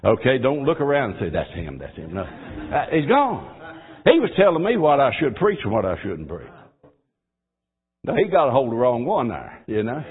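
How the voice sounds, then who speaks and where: A man preaching a sermon. He moves between quiet, folksy asides and loud, fervent exhortation. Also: medium pitch, slightly rough. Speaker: pastor. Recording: tinny phone-like audio.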